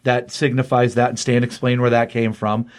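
A man recaps a comic book tale informally and with plenty of energy. His pitch is medium, and he briefly adopts voices for each character he quotes.

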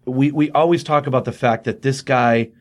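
Speaking at a normal speed in a mid-range voice, this middle-aged podcast co-host chats casually about comics. He recounts their plots loosely, sprinkling in frequent fillers.

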